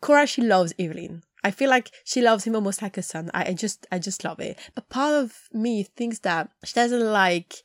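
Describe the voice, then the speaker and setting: A woman's voice: medium pitch, expressive, normal speed, hardly any pauses, no echo. A woman chatting casually as a podcast host, animatedly retelling scenes and acting out lines. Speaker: podcast host recapping a TV episode. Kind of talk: casual chat.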